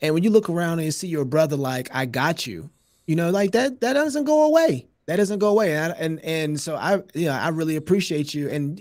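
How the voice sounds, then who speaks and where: A podcast host chats casually and animatedly, frequently laughing and starting his thoughts over. His voice is slightly high for a man, and the sound is close and dry, with no echo or room around it.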